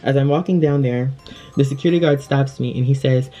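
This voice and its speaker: A man's voice: mid-range voice, fairly quick, soft background music. Chatty young man telling a storytime. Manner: chatty, filler-heavy, animated retelling. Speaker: vlogger. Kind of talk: casual storytime.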